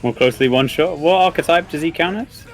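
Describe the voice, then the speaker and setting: A man giving relaxed, chatty live commentary on a fighting game tournament. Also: a little high, quick pace, soft background music. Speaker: esports commentator.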